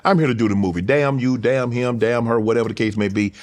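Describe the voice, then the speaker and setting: A man hosting an interview show, asking questions in a relaxed, conversational way. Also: mid-range voice. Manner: conversational, quick affirmations. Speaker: host. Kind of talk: casual interview chat.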